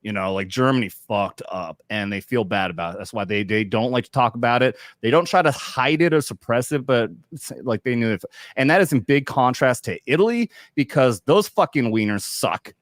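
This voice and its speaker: A man's voice: medium pitch, lively intonation, fairly quick, few pauses, no room sound, studio quality. A man in his thirties, an army veteran hosting a casual chat show, talking crudely and joking with frequent laughter. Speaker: podcast host, veteran.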